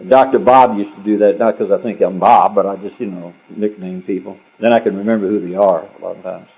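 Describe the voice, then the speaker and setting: At a recovery meeting, a man tells his own story in a wry, rambling, conversational manner. His voice is lowish, darkish and slightly rough, with a steady tone and a slightly fast pace, captured on a dull lo-fi recording.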